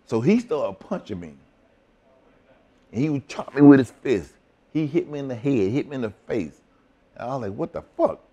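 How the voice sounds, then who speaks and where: A man's voice: mid-range voice, big pitch swings, moderate pace, long pauses, warm tone, highs cut off. An older retired wrestler telling blunt, profane stories in an interview and acting out the lines of the people he quotes.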